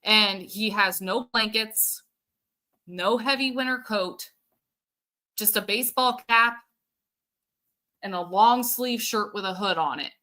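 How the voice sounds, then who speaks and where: A woman's voice: mid-range voice, takes it slowly, pauses often, bright, forceful tone. A woman hosting a casual livestream, chatting and answering viewer comments while thinking aloud with plenty of fillers. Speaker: show host.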